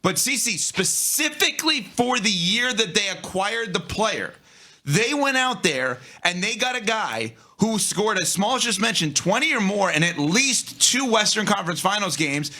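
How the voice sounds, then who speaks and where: Sports talk guy, super bright sharp voice, fired up, talks right at the viewers. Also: high voice, measured pace. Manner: animated, talks to the audience directly. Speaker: sports talk show co-host. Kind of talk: sports talk show debate.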